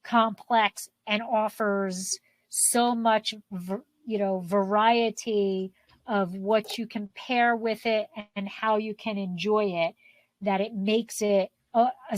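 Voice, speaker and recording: Slow-talking woman podcast co-host. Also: medium pitch, steady tone. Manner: unhurried and thoughtful, with fillers. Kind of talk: casual podcast chat.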